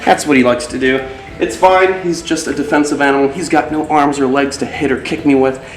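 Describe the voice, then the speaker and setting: A man hosting a casual vlog as a reptile keeper, often cooing at his snakes in a high, excited voice. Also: a little fast. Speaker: reptile keeper and channel host. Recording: roomy, distant, music behind.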